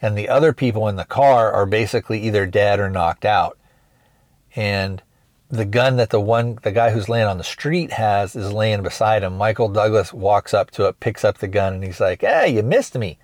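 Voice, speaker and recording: A man's voice: on the low side, steady tone, normal speed, no echo. A man hosting a podcast, retelling a film plot in a rambling, hesitant way with many restarts. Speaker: podcast host. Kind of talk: casual movie review recap.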